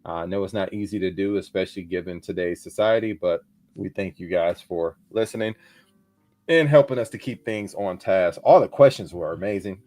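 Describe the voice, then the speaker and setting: A man's voice: low voice, fairly quick, darkish tone, no room sound. A man hosting a casual collector podcast, upbeat as he thanks the audience and hands the talk to others. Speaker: podcast host. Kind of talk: casual chat.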